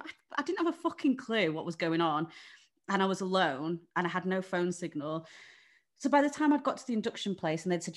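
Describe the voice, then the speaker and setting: Very animated and a little fast, a young English woman with a fairly low voice tells a story about herself in a casual conversation. She's candid and chatty, swears some, and uses plenty of "like" and "you know."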